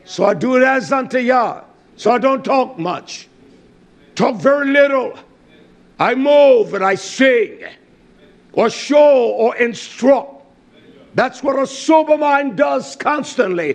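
A man preaching a sermon, emphatic and repetitive, with sudden shouted bursts. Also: sits high, vocal fry.

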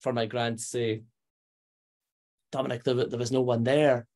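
A man's voice: medium pitch, moderate pace. Scottish man telling stories animatedly. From Scotland. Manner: animated, acts out quoted voices, frequent fillers. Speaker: medium, interview guest. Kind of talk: conversational storytelling.

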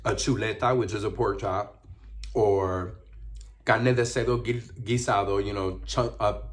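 A man with a fairly low voice talks through a casual eating vlog at home. He chats easily between bites and hums with pleasure as he savors the food. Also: steady tone, unhurried. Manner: chatty, savoring food with frequent mm sounds. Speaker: mukbang vlogger.

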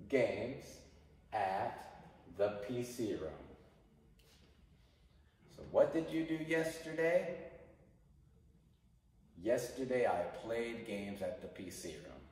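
Slow-talking male teacher in an echoey hall. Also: medium pitch, darkish tone. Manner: slow, repeats phrases for students to copy. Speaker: English teacher. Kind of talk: classroom grammar lesson. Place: classroom. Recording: echoey hall, mic far off.

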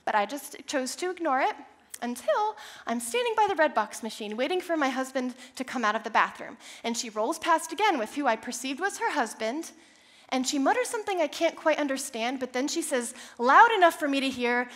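A young woman preaching a sermon, telling a personal story with animated, self-deprecating humor. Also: high voice, a little fast, a little hiss or hum. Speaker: church speaker.

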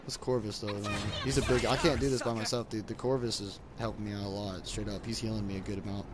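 A man's voice: lowish voice, steady tone, quick pace. A man giving casual, rambling commentary while playing a match, mocking himself and saying dude a lot. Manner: rambling and self-mocking, says dude often. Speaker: gamer streaming his match. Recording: loud background noise.

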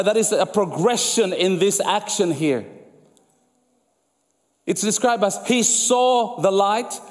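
A man preaching a sermon as pastor, emphatic and repetitive, going soft and low when quoting scripture. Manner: emphatic preaching, repeats phrases for effect, drops soft and low for quoted words. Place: church sanctuary. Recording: long church hall reverb.

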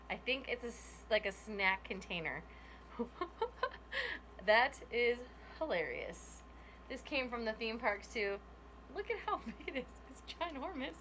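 A woman chats through an unboxing vlog with a bright, forceful voice, bursting into giggles and gasps as she gushes. Her voice sits a little high. A faint hiss of noise lies beneath it. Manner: giggly and gushing, frequent laughs and gasps. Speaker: YouTuber opening a gift box.

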